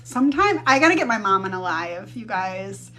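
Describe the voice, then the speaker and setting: A woman's voice: medium pitch, big pitch swings, normal speed, sharp tone, soft background music. A woman in her thirties chatting casually on a live stream, telling stories with quoted voices and some swearing. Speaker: livestream host.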